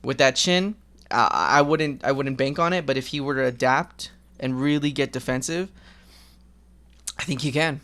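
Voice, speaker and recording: A man's voice: mid-range voice, normal speed, sharp tone. A man giving casual, rambling commentary while gaming, candid and profane, with lots of fillers. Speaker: gaming vlogger.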